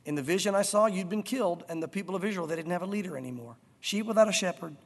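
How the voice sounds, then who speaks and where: A man preaching a sermon to his congregation, animated and emphatic, with a long hall reverb. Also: high voice, very fast. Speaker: pastor.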